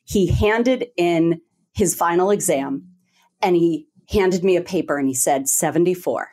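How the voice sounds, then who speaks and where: A female teacher co-hosting a casual chat, telling animated, emotional stories and laughing often. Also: on the low side, measured pace. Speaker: co-host, teacher.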